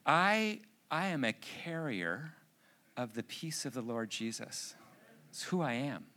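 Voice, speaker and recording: A man's voice: medium pitch, big pitch swings, slow pace, bright, forceful tone, slight background noise. A middle-aged Canadian man preaching a sermon in a conversational, humorous way that builds to emphatic urgency. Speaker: pastor.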